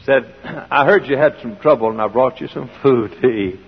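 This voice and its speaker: A man preaching a sermon in a folksy style, full of rhetorical questions, swinging between loud and hushed. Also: mid-range voice, moderate pace, breathy edge. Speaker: pastor. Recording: dull old sermon recording in a large hall.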